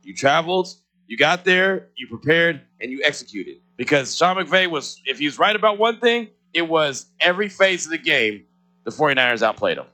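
A man's voice: on the high side, animated, moderate pace, bright, forceful tone. A man co-hosting a sports radio show, talking in a loose, joking, conversational way. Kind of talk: casual sports radio chat.

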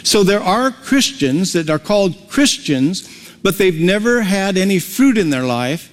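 Pastor, male, slightly high voice, relaxed folksy sermon delivery, hall reverb. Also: a little slow. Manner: folksy, conversational preaching with homely examples.

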